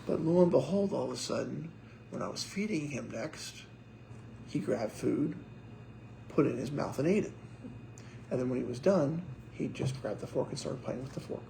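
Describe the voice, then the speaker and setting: Gravelly-voiced man telling stories from the pulpit. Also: medium pitch, reverberant, slight background noise, poor audio. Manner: animated storyteller acting out quotes. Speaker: pastor. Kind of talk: casual sermon storytelling.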